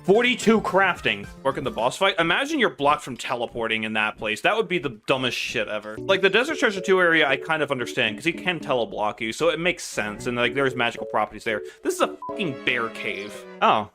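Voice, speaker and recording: A young man casually commenting on his own gameplay, excitable and swearing, talking to viewers. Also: medium pitch, brisk, few pauses, music in the background. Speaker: gaming video host.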